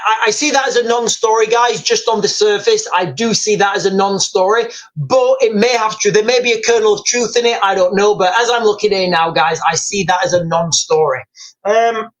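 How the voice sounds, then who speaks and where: The voice here is a man's, high-pitched and a bit bright, heard on a low-quality recording. He's hosting a live stream of news commentary, rambling and repeating himself as he speculates and reads headlines and viewer comments aloud.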